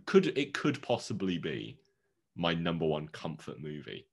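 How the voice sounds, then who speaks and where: A man co-hosting a podcast in casual chat, with a bass voice, teasing and laughing often. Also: wildly swooping pitch, measured pace, vocal fry, breathy edge. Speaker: podcast co-host.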